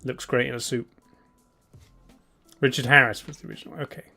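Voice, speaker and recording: A man's voice: medium pitch, steady tone, fairly quick, gravelly, bright, forceful tone, faint music behind. A man hosting a live stream in a casual, laid-back way. He chuckles often and hums idly between remarks. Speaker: streamer host.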